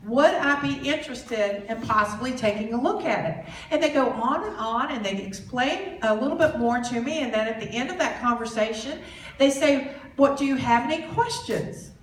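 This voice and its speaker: A woman with a slightly higher voice tells a story to a crowd. She acts out the conversations in quoted voices. The sound comes from a distant mic in an echoey hall, with a faint noise underneath. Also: expressive, normal speed, fairly bright tone. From Southern US. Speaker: speaker at a business boot camp. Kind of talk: storytelling presentation to an audience.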